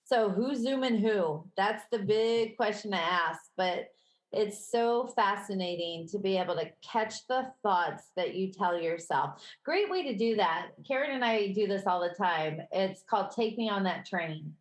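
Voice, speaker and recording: A woman with a Midwestern accent co-hosting a podcast in casual chat, conversational and quick to laugh. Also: mid-range voice, animated. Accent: Midwestern American. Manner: conversational, laughs easily, self-correcting. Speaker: podcast co-host. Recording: roomy echo.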